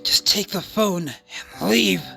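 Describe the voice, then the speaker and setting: Woman playing a grimly calm, stubborn young guy, low and measured, for a game dub. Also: gravelly, faint music behind, heavily acted. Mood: weary.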